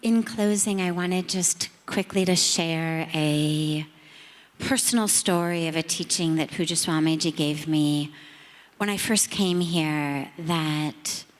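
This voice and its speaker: A middle-aged woman, a spiritual teacher, telling a reflective story to an audience in a measured, earnest, emphatic way. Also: fairly low pitch. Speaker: spiritual teacher speaking on a panel. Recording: long reverb of a large hall.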